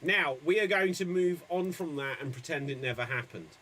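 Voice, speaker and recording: A man hosting an improv comedy stream, upbeat and chatty with quick asides. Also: on the high side, very noisy. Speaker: improv host.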